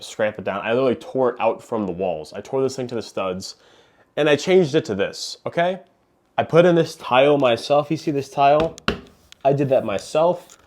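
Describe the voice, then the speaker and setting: Young guy filming a home vlog, chatty and jokey, avg pitch, camera mic drifting closer and farther. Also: darkish tone. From New Hampshire, USA. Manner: chatty, jokey, talks to camera while working. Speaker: fish-keeping vlogger. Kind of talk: casual vlog chat. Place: home basement and rooms.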